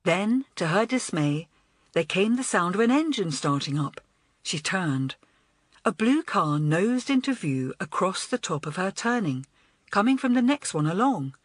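A woman narrating a children's storybook in an expressive, animated way. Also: lowish voice, unhurried, dry recording. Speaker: audiobook narrator.

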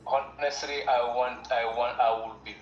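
A man's voice: medium pitch, fairly even intonation, moderate pace, echoey room, lo-fi sound, slight background noise. A man from Gambia, a guest on a livestream, speaking earnestly and repeating himself with lots of "you know". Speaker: guest caller. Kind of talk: casual chat.

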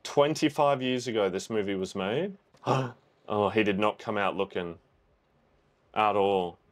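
Unhurried and on the low side, the voice belongs to a young man reacting to a film he hasn't seen before. As a reaction video host, he chats loosely, exclaims, and thinks out loud.

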